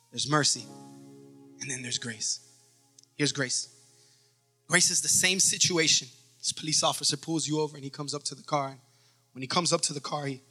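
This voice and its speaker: A man's voice: a little high, sharp tone. A man pastor preaching a sermon with emphasis, acting out stories as he goes.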